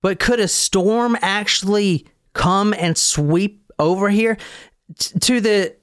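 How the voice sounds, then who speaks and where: A man hosting a casual podcast chat, excitable and quick to swear and laugh as he tells a story. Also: high-pitched, clear, resonant tone, no room sound. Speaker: podcast host.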